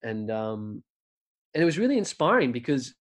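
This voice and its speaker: Australian male guest, casual rambling storyteller, everyday mid-pitch voice. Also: sing-song, normal speed. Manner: rambling, many restarts and fillers. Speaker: podcast guest.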